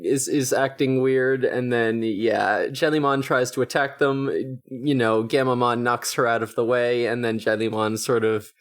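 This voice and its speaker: Relaxed co-host, casual recap, affirms a lot. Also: mid-range voice, unhurried, few pauses. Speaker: podcast co-host. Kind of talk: casual chat.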